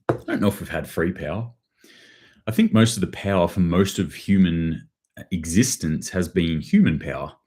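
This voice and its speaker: A man's voice: sits low, darkish tone. A man hosting a rambling, sardonic live news commentary, often restarting his phrases as he reads chat. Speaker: host.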